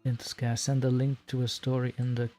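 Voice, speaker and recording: Male streamer, casual and giggly, middle pitch, faint music behind. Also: monotone, brisk, dark tone. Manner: scattered, self-mocking, giggly, chatty. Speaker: streamer, horror story narrator. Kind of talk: casual live-stream chat.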